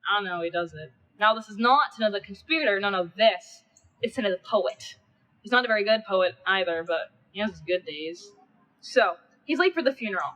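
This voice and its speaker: A woman's voice: mid-range voice, animated, a little fast, a bit bright, low-quality recording. A woman narrating a story in a casual, wry, chatty way. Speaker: narrator in a documentary-style film.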